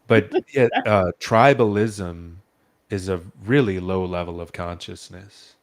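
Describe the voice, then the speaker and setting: A very deep-voiced man argues his opinions in a casual chat. He is emphatic and sure of himself. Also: unhurried.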